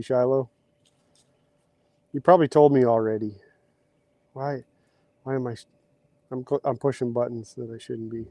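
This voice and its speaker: The clip features a man in a dark-toned, mid-range voice, recorded with no room sound, hosting a relaxed livestream while he digs post holes outdoors. Chatty and sometimes out of breath, he reads out comments from viewers.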